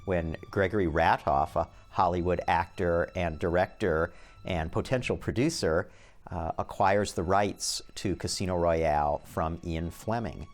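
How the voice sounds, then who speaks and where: A man's voice: low voice, unhurried. A man speaking as a film historian in a documentary interview, analytical and lecturing.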